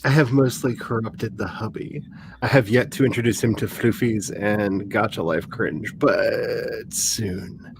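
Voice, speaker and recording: A man chatting casually and excitably, laughing easily and telling stories theatrically. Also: fairly low pitch, unhurried, creaky, a little hiss or hum. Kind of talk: casual chat.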